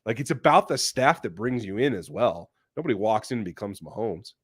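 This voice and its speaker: A man's voice: lowish voice, expressive, brisk, husky, no echo, clean studio sound. A man hosting a casual sports talk show, blunt and opinionated, reading viewer questions from the live chat. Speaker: podcast host.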